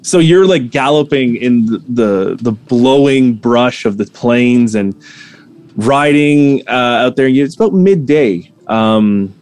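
A man's voice: medium pitch, animated, a little mellow. A man running a tabletop role-playing game as game master, narrating scenes with frequent stumbles and restarts. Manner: halting, many restarts while describing scenes.

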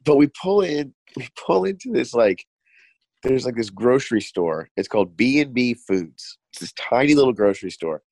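Animated male comedian podcast host. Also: medium pitch, moderate pace, no room sound. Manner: animated storytelling, acts out voices, swears. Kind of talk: casual podcast chat.

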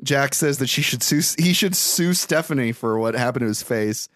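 Young male podcast co-host, mid-pitched, swears freely while recapping a film, close dry sound. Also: lively intonation, a bit bright, no echo. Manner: profane, exasperated storytelling with quick quoted asides. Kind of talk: casual movie recap.

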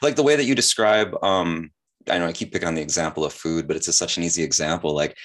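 A man's voice: low-pitched, fast talker, a bit bright. A man hosting a podcast, chatting casually and playfully with lots of "like" and enthusiastic exaggeration. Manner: playful, enthusiastic, heavy use of "like". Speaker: podcast host.

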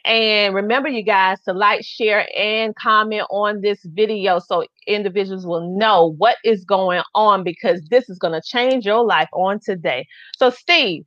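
A woman with a Southern accent hosting a live online business show, talking with excited, gushing emphasis. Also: medium pitch, measured pace, few pauses, no echo, muffled recording. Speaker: host.

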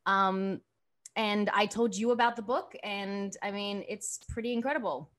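A woman in her thirties hosts a podcast in a mid-pitched voice. She chats in a bubbly, rambling way, full of "like" and "you know". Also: a little slow, a bit bright. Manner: chatty, bubbly, full of fillers like "like". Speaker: podcast host. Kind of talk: casual podcast chat.

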